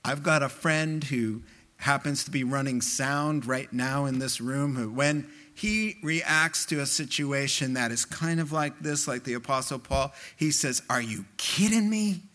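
A man preaching a sermon as pastor, emphatic and animated. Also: medium pitch, a little slow. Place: church hall with sound system.

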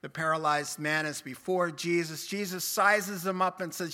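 A man preaching a sermon, telling Bible stories with lively acted quotes and laughing along the way. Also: fairly high pitch, moderate pace, hardly any pauses.

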